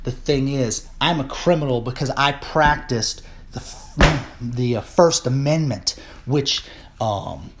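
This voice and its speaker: A man from the United States delivering a political rant on his vlog, rambling with many fillers and restarts and rising into indignant shouting. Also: mid-range voice, slow pace, very noisy. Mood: measured. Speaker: political commentator.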